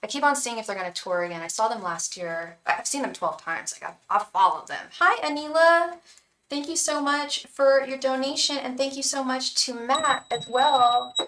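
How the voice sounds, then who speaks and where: A woman's voice: high-pitched, animated, normal speed, fairly bright tone, far from the mic. A woman who reads tarot on a livestream, chatting casually and encouragingly to viewers, repeating words and using many fillers. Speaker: tarot reader and psychic on a livestream. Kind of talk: casual chat to live viewers. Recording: roomy echo, voice away from the mic.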